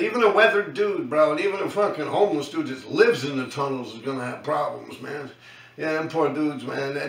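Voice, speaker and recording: A middle-aged man with a New York accent tells stories in a loose, profane monologue full of slang. His voice sits a bit high and sounds bright and tense. He is some distance from the mic in an echoey room. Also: gravelly. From New York City. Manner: profane, slangy, keeps tagging lines with "man". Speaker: host recounting his graffiti days. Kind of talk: casual storytelling monologue.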